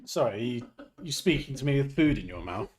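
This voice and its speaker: Man in his own voice, casual live design session, wry asides, close mic, average pitch. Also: big pitch swings, a little fast. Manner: wry, teasing, jokey asides. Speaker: designer hosting a livestream. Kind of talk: thinking aloud while designing live.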